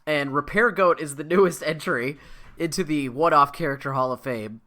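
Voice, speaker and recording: A man co-hosting a podcast in casual chat, animated and jokey. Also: a little high. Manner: animated, jokey, quick with comic remarks. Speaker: podcast co-host.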